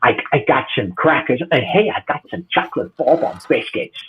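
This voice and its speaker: A man's voice: lively intonation, moderate pace, slightly rough, highs cut off. A man with an English accent voicing a mumbling, hesitant astronaut in a stand-up bit. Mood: bashful. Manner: stammering, low and quiet.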